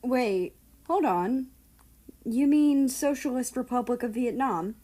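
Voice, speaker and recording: A woman voicing a calm, gently teasing young man in a fan-fiction audiobook reading. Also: fairly high pitch, takes it slowly, voice pushed up. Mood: curious.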